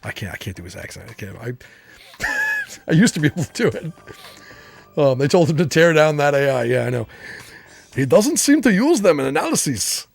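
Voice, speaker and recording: A man streaming a game, chatting casually and reading game text aloud in a relaxed, rambling way with frequent fillers. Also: medium pitch, a little fast, creaky, long pauses, soft background music.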